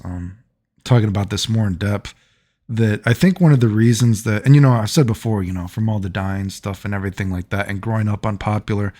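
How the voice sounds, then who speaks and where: A man's voice: lowish voice, darkish tone. Rambling man telling stories casually. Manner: rambling, filler-heavy, frequent laughs. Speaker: vlogger.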